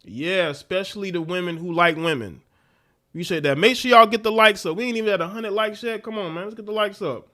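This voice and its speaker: Animated man ranting on a livestream. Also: high voice, fairly quick. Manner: animated, repetitive ranting with laughs. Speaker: livestream host. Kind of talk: casual commentary livestream.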